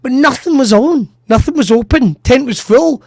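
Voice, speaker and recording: A man with a notably high voice, telling stories in casual podcast chat. He swears freely, mocks himself and laughs as he goes. The sound is close and dry. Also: animated, moderate pace, vocal fry, a little mellow, no room sound. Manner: sweary, self-mocking, laughs through his stories. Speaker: comedian and podcast host.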